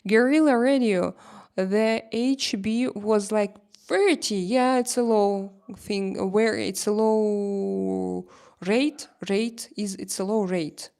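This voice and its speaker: A woman with a Slavic accent hosting a casual livestream chat, answering viewers' comments in halting, animated English full of restarts. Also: mid-range voice, vocal fry, clean tone. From Slavic country. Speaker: livestream host.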